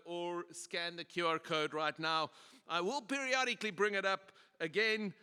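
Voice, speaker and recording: A South African man gives a lighthearted conference talk, easygoing and full of restarts. His voice is sharp and bright, clear and smooth. It rings out through a long-echo hall. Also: high-pitched, moderate pace. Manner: joking, conversational, many fillers and restarts. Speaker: pastor and conference speaker. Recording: echoey hall PA.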